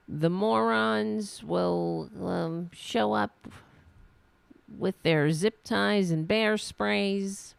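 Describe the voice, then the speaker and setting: Gravelly, sarcastic woman podcast host. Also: medium pitch, no echo. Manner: sarcastic, profane, mocking. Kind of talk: political commentary.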